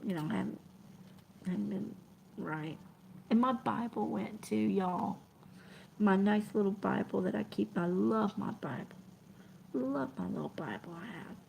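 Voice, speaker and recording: A woman, talking to her live-stream viewers in an emotional, halting way that often drops to a whisper. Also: mid-range voice, vocal fry, darkish tone, a little hiss or hum. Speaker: trucking vlogger reading live chat.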